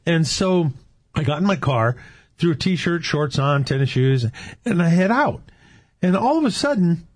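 An earnest man from California shares faith stories in a casual chat, acting out the dialogue as he goes. His voice is slightly husky and swings widely in pitch. The sound is dry and close. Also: a little mellow, no room sound. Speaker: guest, Catholic men's ministry leader.

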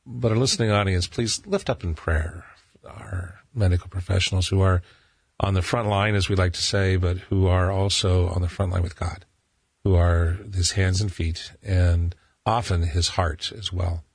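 Deep, gravelly-voiced radio host. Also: male voice, steady tone, moderate pace, no room sound. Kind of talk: radio talk show hosting. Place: radio studio.

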